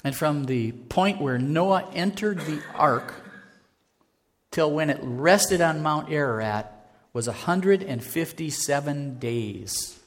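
A man's voice: a little high, expressive, takes it slowly. A man preaching a sermon as pastor, earnest and conversational, building to fervor. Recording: reverberant church hall.

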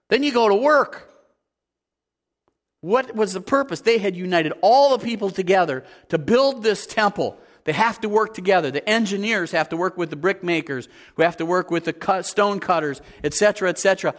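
A pastor with a fairly high-pitched voice delivers a sermon at normal speed. He preaches animatedly, acting out everyday scenes in different voices and putting questions to his listeners.

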